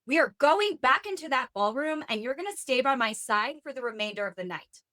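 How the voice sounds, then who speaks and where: This is a possessive, jealous male fae king, as a woman reads him aloud from a book. His words are stern and commanding. The voice stays bright and fairly high. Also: animated, brisk.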